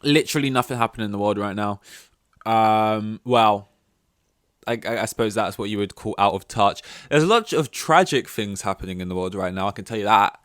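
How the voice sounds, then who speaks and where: A young man rambles through a casual solo podcast, full of ums and self-mocking asides. His voice sits a little low and sounds smooth and clean. The recording is dry and close, with no room echo. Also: a little fast. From London. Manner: rambling, self-deprecating, many fillers and restarts. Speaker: podcast host.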